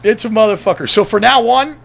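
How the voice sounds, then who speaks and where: A man's voice: high-pitched, fast, creaky, slight background noise. A man telling a long personal story in a casual, rambling vlog, swearing freely and breaking into laughter as he goes. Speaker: vlogger.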